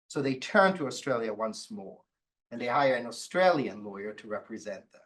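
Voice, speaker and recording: A law professor giving an academic talk, telling stories with wry, playful asides. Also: male voice, mid-range voice, normal speed, poor audio. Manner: lively storytelling with wry asides. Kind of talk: academic lecture.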